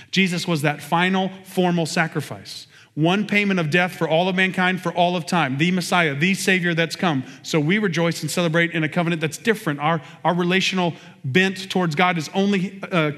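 Male pastor, somewhat high voice, lively conversational sermon, long hall reverb. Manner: energetic, conversational preaching with quick asides. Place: church sanctuary.

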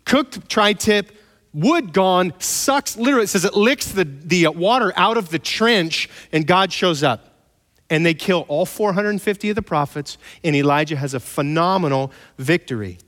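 A man preaches, retelling scripture with animated storytelling, joking asides and quick mock voices. His voice sits fairly high, and a long hall reverb trails behind his words. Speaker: pastor. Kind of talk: sermon.

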